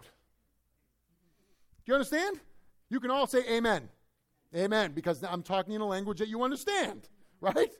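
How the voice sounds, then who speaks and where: A man preaching an expository sermon as a pastor. He preaches emphatically, with humorous asides, and swings between loud emphasis and low, quiet remarks.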